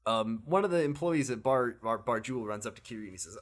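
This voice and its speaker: Man, podcast co-host, casual recap, animated, laughing, mid-pitched voice. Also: fast. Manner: animated, laughing, acts out characters' lines. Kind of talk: casual chat retelling a video game story.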